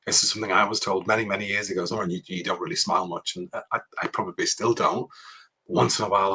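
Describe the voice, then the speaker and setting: A man's voice: mid-range voice, bright, forceful tone, slightly rough. A man leading a university workshop on public speaking, talking conversationally with frequent "okay"s and restarts.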